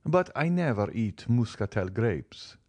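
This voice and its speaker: A guarded, formally polite count, read by a man, courteous but holding back. His voice sits low and sounds dry and close. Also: very animated, unhurried, a little mellow, no echo. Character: reserved, courteous mysterious count, middle-aged man. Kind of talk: audiobook character reading.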